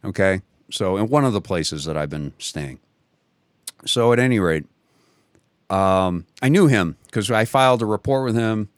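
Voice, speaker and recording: A man's voice: fairly low pitch, lively intonation, moderate pace, clear, resonant tone, dry recording, studio quality. A man telling a personal story in a casual conversation, rambling, often restarting his sentences and chuckling as he goes. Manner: rambling, many restarts and self-corrections. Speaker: guest.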